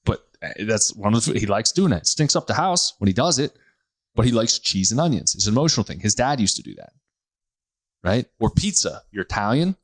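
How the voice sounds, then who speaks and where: A man in his thirties hosting a casual health podcast, talking bluntly with quick self-corrections and asides. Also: on the low side, big pitch swings, no room sound. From United States. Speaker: podcast host, chiropractor.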